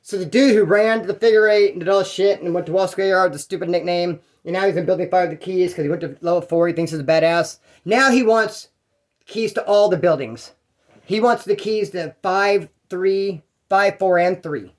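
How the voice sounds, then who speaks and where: A man's voice: high voice, moderate pace. A man from California telling prison stories in a casual, rambling monologue, swearing freely and acting out what others said. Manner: profane, rambling, acts out others' lines.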